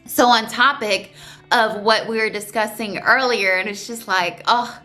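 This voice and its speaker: In a casual vlog with faint music behind her, a young woman recounts her surgery at a measured pace in a mid-range voice. Emotion surfaces and she occasionally holds back tears, yet she brings the story alive by voicing quotes.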